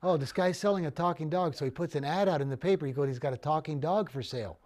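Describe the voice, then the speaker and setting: Male sports talk host, high-pitched, casual and repetitive, studio. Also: fast talker, a little mellow. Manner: chatty, repeats words as he talks. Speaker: sports betting show host.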